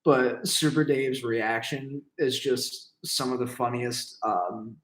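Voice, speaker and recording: A man's voice: mid-range voice, slow pace, fairly bright tone. Joke-telling young man in an echoey room. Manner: laughs at his own jokes, swears freely. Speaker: interviewer. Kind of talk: casual chat, telling a joke.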